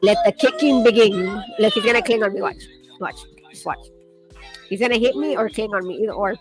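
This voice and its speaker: A woman's voice: mid-range voice, brisk, music in the background. A woman, a mother, talking casually in a vlog, chatty and exasperated as she scolds her toddler. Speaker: mother and vlogger.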